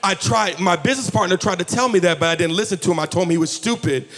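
A preacher doing a low, urgent business manager. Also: male voice, fast, a bit bright. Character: earnest, amazed male business manager. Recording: echoey hall with music behind.

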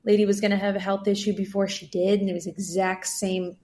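A woman's voice: mid-range voice, flat delivery, fairly quick, warm tone. Earnest woman guest telling stories. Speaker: podcast guest. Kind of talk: casual podcast conversation.

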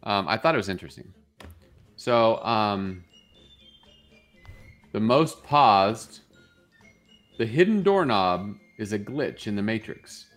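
A man's voice: lowish voice, big pitch swings, takes it slowly, long pauses, fairly bright tone. A male co-host reads quirky lists in a casual morning show chat, sounding amused and tripping over a few words. Faint music plays under the talk.

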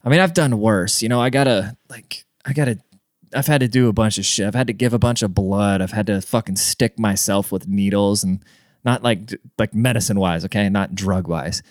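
A young man hosting a podcast tells a rambling, profane story in a loose, casual monologue, often restarting and saying "dude." His voice is on the low side and fairly quick, in clean studio sound with no room noise.

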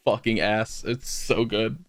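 A man's voice: on the low side, steady tone, slow, no echo. A man co-hosting a podcast in casual chat, joking, swearing and mimicking characters. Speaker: podcast co-host.

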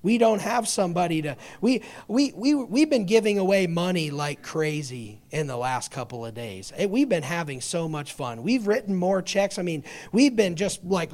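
High-voiced, passionate male pastor preaching. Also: lively intonation, normal speed, few pauses. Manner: passionate storytelling preaching, swings from hushed to loud. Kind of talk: sermon.

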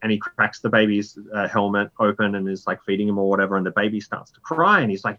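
A man in his thirties, a writer being interviewed, talking in a rambling, animated way full of fillers. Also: quick pace, few pauses, dull audio. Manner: animated storyteller, jumps pitch for inner voices. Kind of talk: casual conversational interview.

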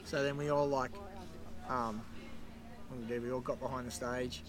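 A man telling a story as a podcast guest, animated and swearing freely. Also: medium pitch, normal speed. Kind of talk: casual storytelling.

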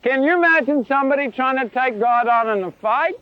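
A man preaching a sermon in an animated, playful way, with sound effects, in a lo-fi recording. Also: very high voice, fairly quick, clear, resonant tone.

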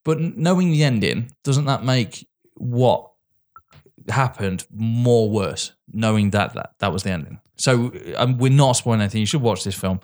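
A man co-hosting a casual film review chat, blunt and animated, swearing freely. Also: medium pitch, normal speed. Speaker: podcast co-host.

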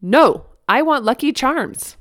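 A woman voicing a whiny, angry two-year-old boy who shouts in broken toddler grammar. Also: sits high, lively intonation, takes it slowly, dry recording, studio quality, voice pushed up, heavily acted.

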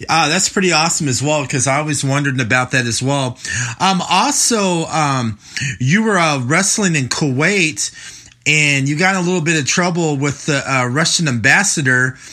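Male interviewer, bright and a touch husky; relaxed, halting questions. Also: fairly high pitch. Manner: hesitant questions with ums and uhs. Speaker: podcast host. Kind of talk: casual podcast interview.

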